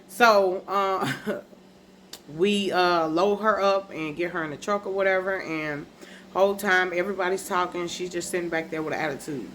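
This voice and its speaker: A woman with a lowish voice speaks straight to her listeners, emotional and hurt as she tells a personal story in casual, slangy speech. There is a faint hiss of noise behind her. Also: normal speed, fairly bright tone. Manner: emotional, upset, talks straight to viewers; dialect grammar, casual slang. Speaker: podcast host.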